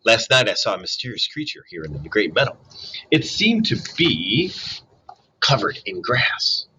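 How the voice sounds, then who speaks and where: A man's voice: on the low side, big pitch swings, moderate pace, bright, forceful tone, slight background noise. A man voicing a jittery, suspicious male owl with a screechy delivery. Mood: urgent.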